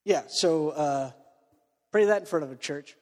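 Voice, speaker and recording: Guy preaching in a church, chatty storytelling w/ lots of "like" and "right?", kinda high voice, hall echo. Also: measured pace, darkish tone. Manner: storytelling with filler words and asides. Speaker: pastor. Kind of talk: sermon.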